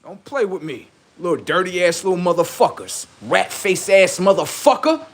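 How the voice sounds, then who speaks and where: Man, livestream host, rather high voice, taunting, heavily profane, boastful. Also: sing-song, normal speed.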